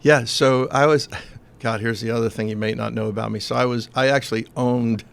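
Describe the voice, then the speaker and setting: A man in his fifties from New Jersey, a guest telling family stories in a casual, animated way and laughing often. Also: medium pitch, fairly quick, creaky, clear, resonant tone. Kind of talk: casual storytelling.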